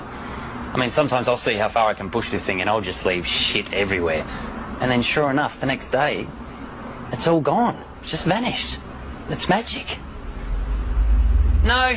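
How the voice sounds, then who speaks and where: A man's voice: mid-range voice, close to an everyday voice. A man with an Australian accent, acting in a comedy sketch and insisting earnestly on a deluded idea. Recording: noisy background.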